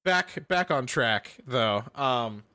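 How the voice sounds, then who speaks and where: A man co-hosting a gaming podcast in casual chat, animated, laughing often and restarting his sentences. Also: mid-range voice, slow, no room sound, studio quality. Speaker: podcast co-host.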